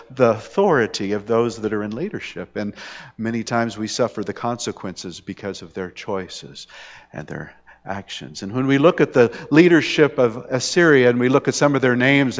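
A man preaching a sermon, talking in an easy conversational way that builds to fervent peaks. His voice sits at a middle pitch. It is heard on a dull, lo-fi recording with a long hall reverb. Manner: conversational preaching with jokes, rising intensity on dramatic points. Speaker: pastor.

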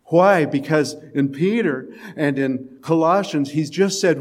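A man preaching a sermon in a conversational way, with quiet, emphatic lines and the odd chuckle. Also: a little high, a little slow, few pauses. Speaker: pastor.

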